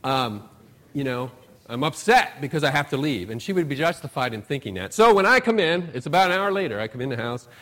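A middle-aged man, a pastor, preaching a conversational sermon with folksy personal stories. He pushes up for emphasis, then lets phrases trail off softly. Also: medium pitch, big pitch swings, fairly quick.

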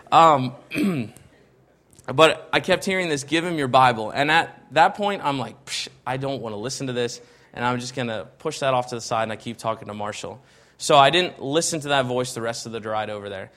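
A man telling a personal story in a chatty, conversational way, his voice sitting at an ordinary middle pitch. He acts out each quoted exchange and often drops softer for the quoted lines. The delivery is relaxed and built on repeated "I'm like" and small restarts. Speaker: speaker giving a personal testimony. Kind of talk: casual spoken storytelling.

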